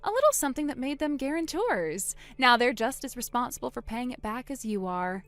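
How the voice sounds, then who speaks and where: A woman voicing a wronged older sister in a dramatized text-message story, speaking quietly and deliberately. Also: sits high, sing-song, full character voice. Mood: cold.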